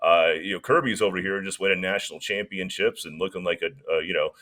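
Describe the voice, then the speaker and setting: A man's voice: low-pitched, fast talker, bright, forceful tone. A man co-hosting a casual sports podcast, laid-back and rambling as he riffs on jokes. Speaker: podcast co-host.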